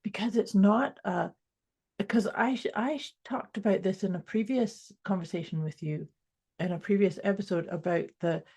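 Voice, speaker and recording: Gravelly, husky woman podcast host. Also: mid-range voice, moderate pace, darkish tone. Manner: reflective, explaining ideas with many restarts. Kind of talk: casual chat.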